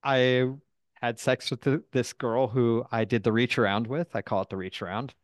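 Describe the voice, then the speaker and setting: A man's voice: medium pitch, fairly even intonation, moderate pace, dry recording, studio quality. A man talking frankly and casually, rambling through stories with self-deprecating asides. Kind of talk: candid casual chat.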